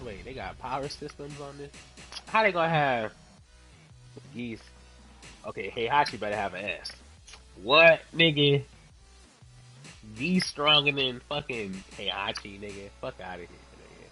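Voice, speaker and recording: A man streaming a fighting game, telling stories in a loud, profane, laughing way. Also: on the low side. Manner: profane, laughing, animated storytelling. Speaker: gaming streamer. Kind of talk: casual commentary while playing.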